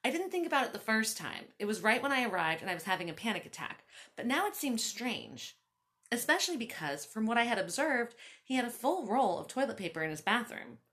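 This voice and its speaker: Host and author, woman, reads her own story with a lively pitch, chatty asides. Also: a little fast. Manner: animated, laughing asides to listeners.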